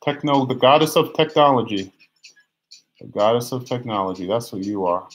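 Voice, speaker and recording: A man's voice: medium pitch, lively intonation. A young man giving live tarot readings on a stream, chatty and teasing, reading viewer comments aloud, often restarting his phrases. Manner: many restarts and drawn-out phrases, sometimes sings a line. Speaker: tarot reader.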